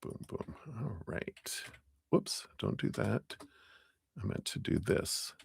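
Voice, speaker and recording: Chatty low-voiced man on a live stream. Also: very animated, takes it slowly, gravelly, a little mellow, breathy edge. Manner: chatty and upbeat, laughing often between thanks. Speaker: tarot reader hosting a live stream. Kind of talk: casual live-stream shout-outs to viewers.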